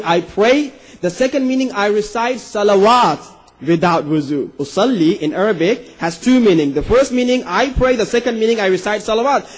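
A man's voice: husky, poor audio. A man preaching a sermon to an audience, telling a story and acting out its dialogue with rising, emphatic delivery. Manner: animated, acts out the dialogue with rising pitch for emphasis.

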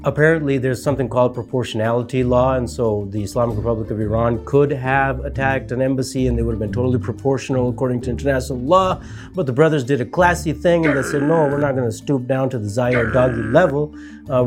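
A man giving a rambling, casual monologue commentary, full of fillers and mocking asides. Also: mid-range voice. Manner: rambling, heavy with fillers, mocking put-on voices. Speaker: political commentator.

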